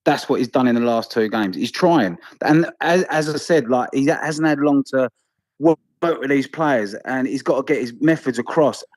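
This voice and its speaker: A man calling in by phone, excited, quick and sweary about the match. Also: mid-range voice, dry recording. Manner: buzzing, rapid, sweary. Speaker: phone-in fan caller. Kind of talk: excited football chat. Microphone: phone call.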